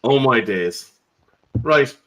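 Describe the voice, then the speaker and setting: A man's voice: mid-range voice, expressive, takes it slowly, fairly bright tone, rough recording. Joking man hosting a live stream. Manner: chatty, joking, reads out viewer comments. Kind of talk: casual live stream chat.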